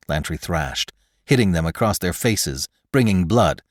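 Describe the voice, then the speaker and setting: A man narrating a story in a dramatic, expressive reading style. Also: deep voice, measured pace, dry recording. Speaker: podcast host and narrator. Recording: dry close studio sound.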